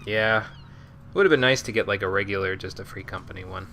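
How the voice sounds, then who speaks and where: A young man streams a video game and chats casually, fast and a bit low, his voice pushed and bright. He mumbles to himself as he plays and chuckles often, over a faint hiss or hum.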